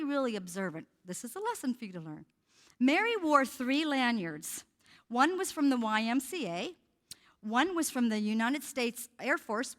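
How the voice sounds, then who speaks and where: A woman's voice: on the high side, a bit bright. An older woman giving an earnest, impassioned talk as a guest speaker at a church. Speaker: guest speaker on human trafficking. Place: church sanctuary. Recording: long church-hall reverb.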